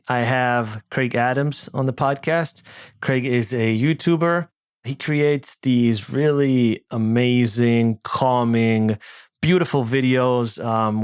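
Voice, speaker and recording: A man's voice: medium pitch, clean tone, dry recording, studio quality. A man with a New York accent hosting a podcast interview, chatty and rambling with lots of fillers. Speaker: podcast host.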